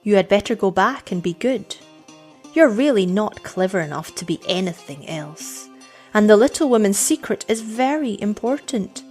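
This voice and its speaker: A haughty young village girl, as a woman reads her, scornful and measured, with a lively rise and fall in her lines. She talks down with calm superiority in a storybook reading. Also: medium pitch, soft background music, lightly acted.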